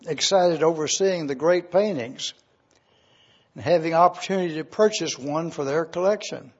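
A man delivers a sermon as a slow, earnest story, and his voice sits high for a man. The sound is husky and a little breathy. The recording is dull and lo-fi. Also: darkish tone. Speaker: preacher. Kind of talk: sermon illustration told as a story.

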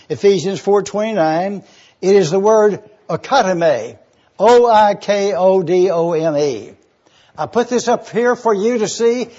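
Husky, high-voiced preacher teaching. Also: male voice, mellow, dull audio. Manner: spells out words letter by letter; enthusiastic teaching. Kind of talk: sermon with word study.

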